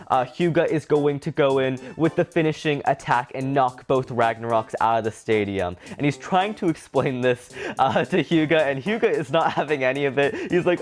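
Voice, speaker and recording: A man giving a casual, enthusiastic review of a cartoon episode. He fills his talk with "like" and often laughs as he speaks. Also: a little high. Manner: chatty and enthusiastic, heavy use of "like"; laughs often while talking. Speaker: anime reviewer.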